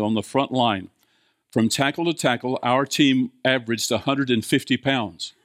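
A man's voice: medium pitch, no room sound, studio quality. An older man, preaching a folksy sermon, chatting with the congregation, asking questions and chuckling often.

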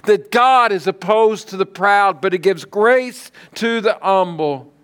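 A middle-aged pastor preaches a sermon, telling stories dramatically and swinging between loud declarations and hushed lines. His voice is high and smooth, at a measured pace.

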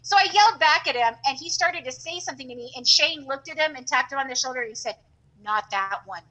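A middle-aged woman telling a long story in casual chat, animated and acting out the voices of the people in it. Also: high-pitched, quick pace, rough recording. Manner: animated, acts out quoted voices.

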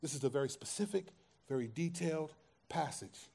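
A man's voice: fairly high pitch, expressive, fairly quick, gravelly, a little mellow, husky. A man preaching a sermon as pastor, in a conversational way that acts out everyday scenes and quoted voices.

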